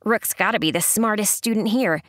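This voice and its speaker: A woman's voice: medium pitch, normal speed, a bit bright, no echo, close to an everyday voice. A cocky, easygoing young male student with a wry, joking delivery, voiced by a woman narrator. Dry, close studio sound for a storybook recording.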